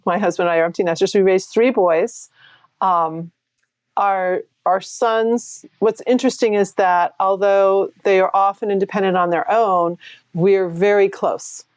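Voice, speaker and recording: A woman in her sixties from New Hampshire, a performance coach telling her story as an interview guest in a chatty, animated way with frequent laughs. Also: mid-range voice, a little slow, no echo. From New Hampshire, USA. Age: 60s. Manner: chatty, laughs often, animated retelling with quoted voices.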